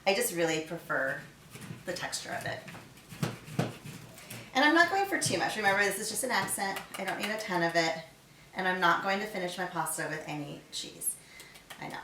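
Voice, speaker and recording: A middle-aged woman chef talks her way through a home cooking demo, chatty and relaxed. She sounds a little far from the mic in an echoey kitchen. Pots, pans and cutlery clink behind her. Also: lowish voice, fairly quick, pauses often, noisy background. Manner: chatty, talks to herself while working. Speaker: chef hosting a cooking video. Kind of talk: casual cooking demonstration.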